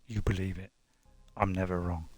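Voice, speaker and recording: A man voicing a blunt, deadpan male friend who is a know-it-all, speaking in low, quiet, curt put-downs. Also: normal speed, dry recording. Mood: smug.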